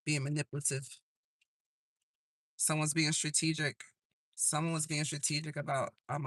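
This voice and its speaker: Talking his audience through the cards in a live tarot session, this man is casual and profane, chuckles at his own jokes, and now and then sings snatches of old songs. His voice is on the high side with a fairly bright tone, with no room sound.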